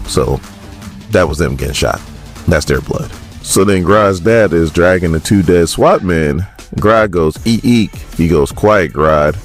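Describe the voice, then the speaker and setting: A man casually recapping a comic book, quoting the characters in quick little voices as he goes. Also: low-pitched.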